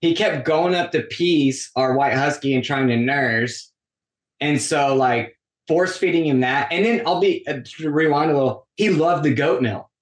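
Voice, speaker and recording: A man with a slightly high voice, speaking at a moderate pace, guests on a podcast and tells a long story in relaxed conversation. He acts out the quoted lines animatedly and leans on "like" often, with a roomy echo in the background.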